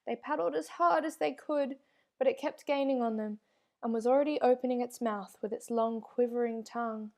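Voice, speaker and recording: A woman narrates a children's storybook aloud at a steady, expressive pace. Her voice sits a bit high for a woman. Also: normal speed. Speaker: reader.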